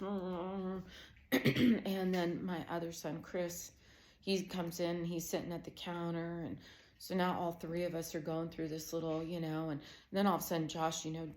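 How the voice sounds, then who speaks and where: A woman's voice: fairly low pitch, darkish tone. Middle-aged woman telling a personal story. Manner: conversational storytelling, growing emotional; many fillers like "you know" and "um". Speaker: Christian counselor. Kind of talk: personal testimony.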